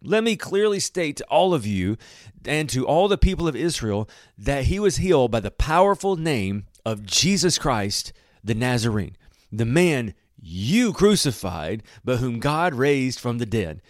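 A man's voice: mid-range voice, sing-song, a little slow, few pauses, a bit bright, no echo, studio quality. A man voicing a bold adult apostle, speaking emphatically to the rulers who question him. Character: bold, Spirit-filled adult male apostle.

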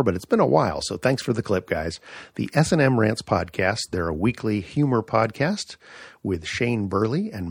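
Husky, lively podcast host. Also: male voice, lowish voice, no echo, studio quality. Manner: filler-heavy, reads listener messages. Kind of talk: casual show segment.

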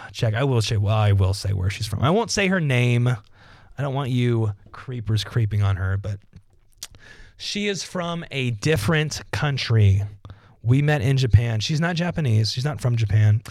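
A man's voice: medium pitch, expressive, measured pace, a little mellow, no room sound, clean studio sound. A young man hosting a solo podcast from home, rambling, joking and losing his thread. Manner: self-mocking. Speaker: podcast host. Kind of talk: solo casual podcast monologue. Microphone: desk microphone.

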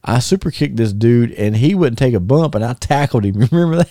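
Fairly quick and at medium pitch, a former wrestler shares old wrestling stories as a podcast guest. The recording is dry, and his casual, animated telling is full of laughter, restarts, and fillers.

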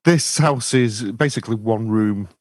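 A man from England with an English accent, a podcast guest with a dry, deadpan humor. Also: fairly low pitch, measured pace, dry recording. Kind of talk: casual podcast chat.

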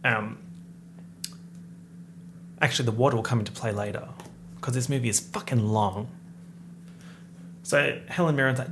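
A sarcastic movie reviewer ranting in an exasperated, comedic way, with a gravelly edge to the voice. The delivery is loose, sweary and full of disbelief, with faint background noise. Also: medium pitch, moderate pace, long pauses, a bit bright.

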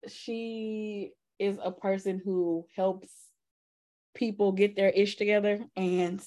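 Woman, Southern accent, podcast co-host, relaxed unhurried storytelling, mid-pitched voice. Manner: reminiscing, laughing, easygoing. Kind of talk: casual chat.

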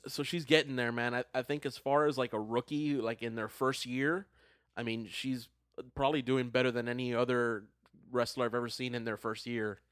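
A man's voice: medium pitch, level tone, normal speed, fairly bright tone, smooth, no echo. Man explaining wrestling, dry sound. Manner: explains at length, hesitant restarts. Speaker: wrestling correspondent on a podcast. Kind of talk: casual chat.

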